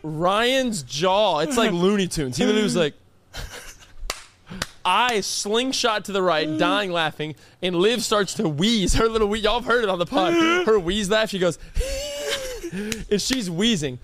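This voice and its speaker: A man's voice: high voice, expressive, normal speed, fairly bright tone. A young man co-hosting a podcast, telling a story in casual chat with lots of emphasis and laughter. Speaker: podcast co-host.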